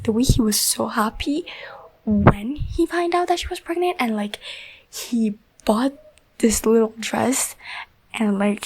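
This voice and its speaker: A woman's voice: a little high, husky, rough recording. A woman giving a casual, rambling spoiler review of a book, full of "like" and "you know", emotionally invested and often dropping into a half-whisper.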